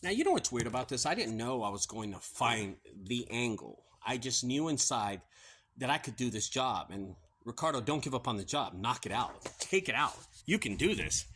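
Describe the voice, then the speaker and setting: A middle-aged man runs a junk removal business and tells a sales story in a casual outdoor vlog, acting out both himself and the customer. His voice is bright and forceful, with pitch that swings widely. A faint hum of outdoor noise sits behind him. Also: moderate pace, poor audio. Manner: animated storytelling, acting out both sides of conversations. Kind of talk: casual talking-to-camera vlog.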